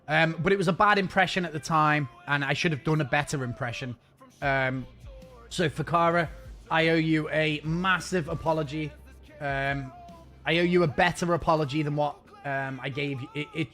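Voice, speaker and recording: A man's voice: a little high, fairly even intonation, brisk, pushed and bright, faint music behind. A man streaming a game and chatting casually with his viewers in a rambling, self-mocking way.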